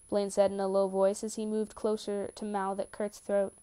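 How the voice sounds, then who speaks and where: A woman reading a romance story aloud with steady, calm narration. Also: medium pitch, normal speed, hardly any pauses, clear, resonant tone. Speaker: reader. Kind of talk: reading fan fiction aloud.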